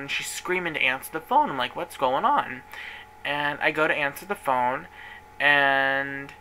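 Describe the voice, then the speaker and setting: Emotional young man, bright tone. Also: on the high side, slight background noise, poor audio. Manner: emotional, rambling, with restarts. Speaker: vlogger. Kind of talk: casual personal storytelling.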